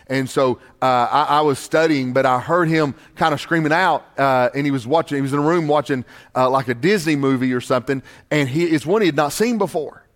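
The voice sits high for a man, and the delivery climbs on key points before sinking to near-hushed lows. A middle-aged pastor gives an emphatic sermon. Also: fairly quick. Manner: emphatic preaching, rising high on key points and dropping low and quiet.

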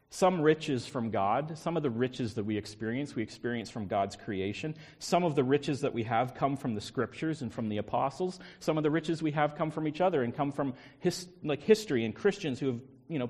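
A man's voice: mid-range voice, darkish tone. A male pastor preaching a sermon with emphatic repetition and rhetorical questions. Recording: long hall reverb.

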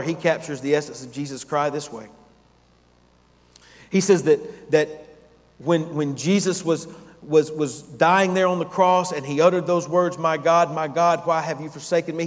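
Man preaching in a reverberant hall. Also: a little high. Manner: dramatic preaching, swelling loud then dropping to near-whisper. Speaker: pastor. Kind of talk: sermon.

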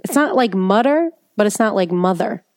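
A woman with a suburban Chicago accent co-hosts a casual podcast and reads with crisp, careful enunciation and lively inflection. She sounds close and dry, with no room around her. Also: medium pitch, normal speed, no echo. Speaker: podcast co-host. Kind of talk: casual chat.

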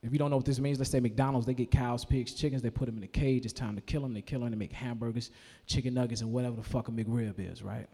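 A man doing a stand-up comedy set, profane and animated, now and then shouting in character voices. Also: mid-range voice, fast talker, hardly any pauses, breathy edge, long reverb tail. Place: live comedy venue.

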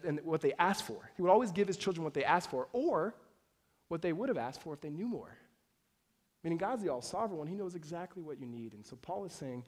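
A man preaching a sermon in a conversational style, moving between loud urgency and soft, intimate moments, and acting out quoted voices. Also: high voice. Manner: acts out quoted voices and jokes with the congregation. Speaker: pastor.

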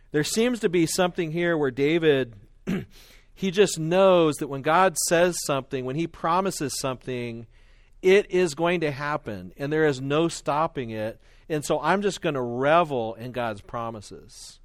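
A man teaching a Bible study and reading scripture aloud, earnest and explanatory, often clearing his throat between fillers and restarts. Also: on the high side, measured pace, no room sound, studio quality. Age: adult with children.

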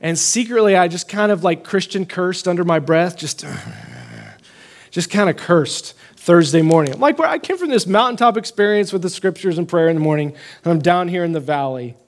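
A young adult man pastor telling a personal story in a conversational sermon, animated and rising when he proclaims scripture. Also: sits high, brisk, few pauses.

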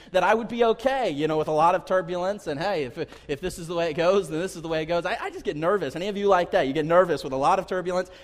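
Animated pastor preaching in a reverberant sanctuary. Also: male voice, a little high. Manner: animated storyteller, addresses the congregation directly, repeats words. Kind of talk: sermon with personal travel stories. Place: church sanctuary. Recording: long hall reverb.

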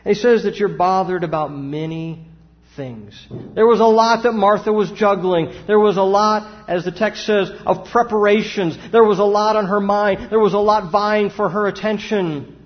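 A man's voice: high-pitched, steady tone, normal speed. A man, a pastor preaching a sermon with emphatic rises and rhetorical questions. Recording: dull sound with long hall reverb.

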